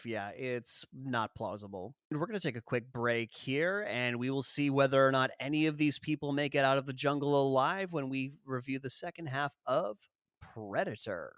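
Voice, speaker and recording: A man hosting a casual film-review podcast, talking in a wry, jokey way with quick asides and frequent laughs. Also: mid-range voice, fairly bright tone, no room sound, studio quality. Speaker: podcast host.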